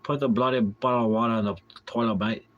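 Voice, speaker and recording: A man's voice: mid-range voice, fairly even intonation, fast talker, a bit bright, muffled recording, close to an everyday voice. An American man putting on a hammy, jokey British accent to play a cheeky, mock-posh British man. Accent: put-on British.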